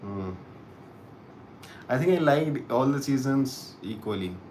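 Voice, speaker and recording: A man with an expressive, mid-range voice and a darkish tone hosts a casual live-stream chat show, with slight background noise behind him. He muses aloud in a halting way, frequently restarting his sentences.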